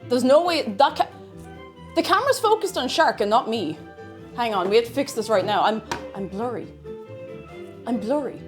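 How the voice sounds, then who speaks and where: A young Irish woman streaming from home, her voice high and bouncing all over the place. She chats in a bubbly, casual way with viewers, thanking them and joking around. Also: lively intonation, moderate pace, long pauses, over music. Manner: bubbly, chatty, reads out viewer messages. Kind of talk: casual livestream chat.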